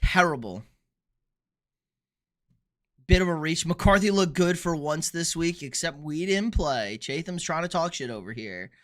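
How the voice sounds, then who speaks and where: A young man riffing on a sports livestream with a bright, forceful voice sitting a bit above the usual male pitch. He is blunt and casual, swears freely, and reads out chat messages as he goes. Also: animated, unhurried, long pauses.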